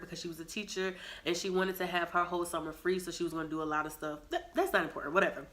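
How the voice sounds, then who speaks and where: A young woman vlogging a storytime, animated and dramatic, acting out quotes and sound effects. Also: fairly low pitch, rapid-fire, few pauses. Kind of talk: storytime vlog.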